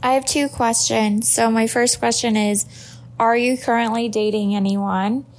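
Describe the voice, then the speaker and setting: Slow-speaking woman asking questions. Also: a little high, steady tone. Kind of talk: recorded question.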